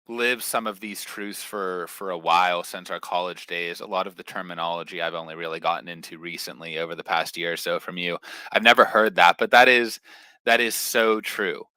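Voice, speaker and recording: Blunt young man, bright dry voice. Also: lowish voice, clear, resonant tone, no room sound, rough recording. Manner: blunt, swearing, confident. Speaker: podcast guest. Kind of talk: casual podcast chat.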